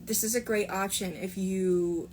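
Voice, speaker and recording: Friendly woman rambling thru a sewing how-to at home, mid pitch, bit of faint hiss behind her. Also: fairly even intonation, a little slow, a little mellow. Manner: chatty, upbeat, many fillers and asides. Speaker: sewing pattern designer teaching a sew-along. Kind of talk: casual tutorial talk.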